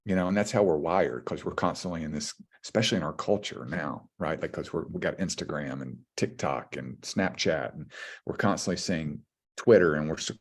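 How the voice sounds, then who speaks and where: A man in his forties speaks with a very low voice in an earnest, heartfelt way. He often restarts his sentences while he shares thoughts as a podcast guest. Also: brisk, husky. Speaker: podcast guest, former pitcher and high school coach. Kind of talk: casual conversation.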